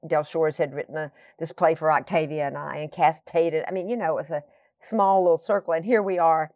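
A woman's voice: low voice, steady tone, a little fast, no echo, muffled recording. A woman guest telling long, rambling stories in casual conversation, full of fillers and tangents. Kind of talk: conversational storytelling.

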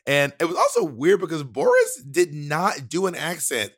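A man from the Georgia area co-hosting a casual chat, telling animated stories and slipping into impressions. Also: on the high side, moderate pace. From Columbus, Georgia area. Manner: animated storyteller who slips into impressions.

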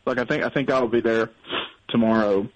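A man from North Alabama rings a radio show for a casual chat, rambling wryly at his own expense as he recovers from being sick. His medium-pitched voice is brisk with fairly even intonation, and the dry recording has its highs cut off.

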